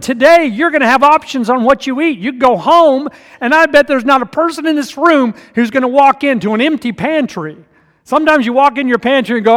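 A man preaching a sermon as pastor in a church, swinging from hushed to loud and emphatic. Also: high voice. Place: church sanctuary. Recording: long reverb of a church hall.

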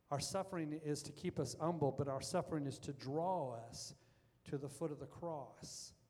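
A man's voice: fairly high pitch, a little mellow. A man preaching a sermon as pastor, earnest and building to fervent emphasis. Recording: long reverb of a large hall.

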